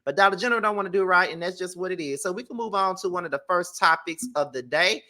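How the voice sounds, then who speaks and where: A man's voice: high-pitched, fast talker, pushed and bright. A man hosting a casual commentary show, ranting bluntly and emphatically with plenty of profanity. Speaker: commentary channel host.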